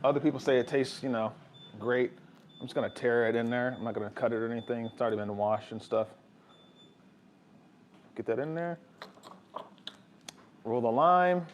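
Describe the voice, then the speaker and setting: Chatty dad cooking at home. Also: male voice, mid-range voice, normal speed, long pauses, slight background noise, rough recording. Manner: relaxed, chatty, talks to viewers while cooking. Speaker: family vlogger cooking. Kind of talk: casual cooking vlog chat. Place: home kitchen.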